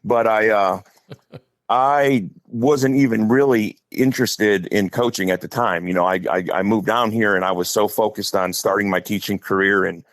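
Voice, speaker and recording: A man's voice: on the low side, fairly even intonation, normal speed, no echo. A middle-aged man from Wisconsin with an Upper Midwest accent, a coach telling a long, rambling story as a podcast guest. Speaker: guest, high school head football coach.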